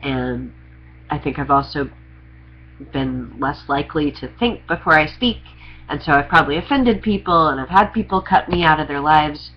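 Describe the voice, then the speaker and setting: A man's voice: fairly high pitch, moderate pace, lo-fi sound, slight background noise. A young trans man talking candidly to camera in a rambling, confessional vlog with sarcastic humor. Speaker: vlogger. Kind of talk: candid personal vlog monologue.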